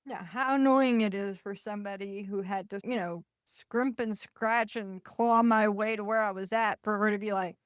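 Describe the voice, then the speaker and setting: A woman hosting a podcast, telling stories in a lively, animated way and acting out the voices of the people in them. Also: medium pitch, moderate pace, few pauses, smooth, dry recording, clean studio sound. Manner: animated, acts out quoted voices. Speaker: podcast host. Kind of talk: casual storytelling.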